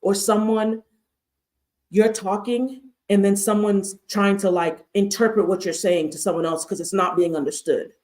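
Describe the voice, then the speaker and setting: A woman's voice: medium pitch, fairly even intonation, moderate pace, darkish tone. A woman hosting a livestreamed mental health talk, speaking emphatically with repeated rhetorical questions. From United States. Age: adult with a master's degree. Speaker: host, therapist.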